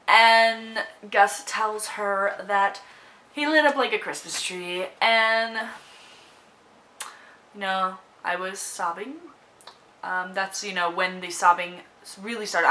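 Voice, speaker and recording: A woman's voice: mid-range voice, sharp tone, a little hiss or hum, poor audio. A young woman vlogging about a movie, emotional and close to tears, gushing with lots of fillers and restarts. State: tearful, on the verge of crying. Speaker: book vlogger. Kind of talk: casual movie review vlog.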